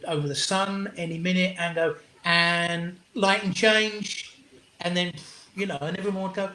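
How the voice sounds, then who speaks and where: A middle-aged English man spins anecdotes as an interview guest. He talks in an animated way, restarts his sentences often and swears casually. His voice sits a little high and sounds off the walls of a roomy space. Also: moderate pace. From England. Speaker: guest comedian. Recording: roomy echo.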